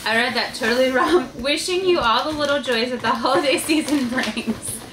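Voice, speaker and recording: A woman hosting a casual family unboxing vlog, gushing and excitable, often laughing as she reads cards aloud. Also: high-pitched, moderate pace. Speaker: vlog host and mother. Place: family home with kids playing. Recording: echoey room with loud household noise.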